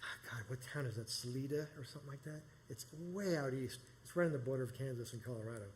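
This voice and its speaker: A man's voice: medium pitch, quick pace, a little hiss or hum. A middle-aged man from New York telling a personal story live, rambling and conversational with many restarts. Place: small performance space.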